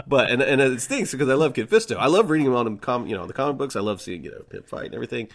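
A man's voice: medium pitch, lively intonation, fast. A man co-hosting a podcast in casual chat, rambling with many stammered restarts and easy laughs. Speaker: podcast co-host.

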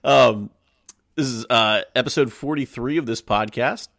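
A man's voice: medium pitch, measured pace, creaky, fairly bright tone, no echo, studio quality. A man hosting a podcast in casual chat, rambling and joking, often correcting himself mid-sentence. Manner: rambling, self-correcting, jokey. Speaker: podcast host.

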